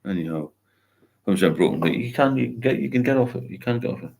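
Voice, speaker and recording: Reading out chat comments and answering with encouragement, an older man rambles through his casual sobriety livestream. He speaks fast and expressively in a mid-range, creaky, darkish voice.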